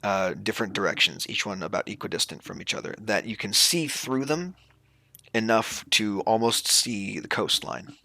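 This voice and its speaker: A man's voice: lowish voice, normal speed, vocal fry, pushed and bright. A man narrating a tabletop game as game master, laughing easily and restarting his sentences.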